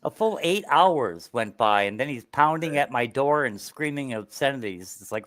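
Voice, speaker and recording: A man's voice: medium pitch, lively intonation, moderate pace, a bit bright, no echo. Laid-back, rambling man in casual chat. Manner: laid-back, rambling, peppered with "you know".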